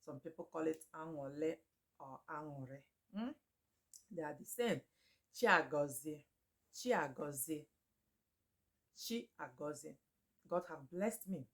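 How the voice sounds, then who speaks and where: A woman teaching names in a casual chat, repeating each one slowly and laughing often. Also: sits low, animated, creaky. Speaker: Igbo language teacher. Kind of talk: casual spoken lesson.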